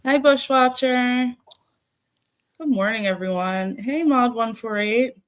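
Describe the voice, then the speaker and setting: Slow-talking woman host. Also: fairly high pitch. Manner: swears casually, laughs often. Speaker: livestream host. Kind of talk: casual live chat, greeting viewers.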